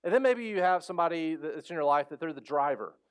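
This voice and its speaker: A man preaching a sermon as pastor, animated and conversational, acting out voices and asking the congregation questions. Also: a little high, fast talker, smooth. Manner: animated storytelling, acts out quoted voices; conversational, asks the crowd questions.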